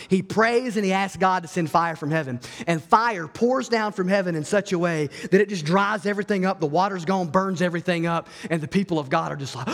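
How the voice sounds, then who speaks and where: Acting out each voice as he animatedly tells the story, a pastor preaches a sermon in a large hall. His pitch sits fairly high.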